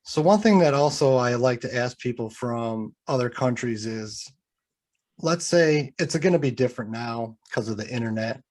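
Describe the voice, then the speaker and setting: An American man hosts a podcast, asking his guest relaxed, thoughtful questions. His voice is mid-pitched and even, with plain short nods of agreement between answers. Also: moderate pace. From United States. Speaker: podcast host. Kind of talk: interview questions.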